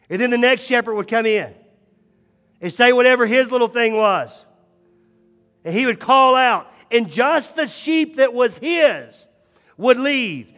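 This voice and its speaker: Pastor, male, preaching a sermon; high-pitched voice, long reverb from a church hall, shifts from hushed to emphatic. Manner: swings between hushed, slow moments and rising, emphatic calls.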